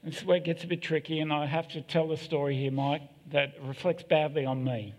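This middle-aged preacher has a fairly high but darkish voice, fairly even in intonation and a little fast. Candid and self-deprecating, he adds joking asides to his sermon as the church hall echoes long.

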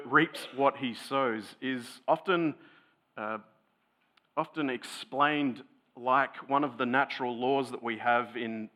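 A man's voice: mid-range voice, fairly bright tone. A man preaching a sermon in a conversational, thoughtful teaching tone. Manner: conversational, thoughtful teaching tone with occasional light laughs.

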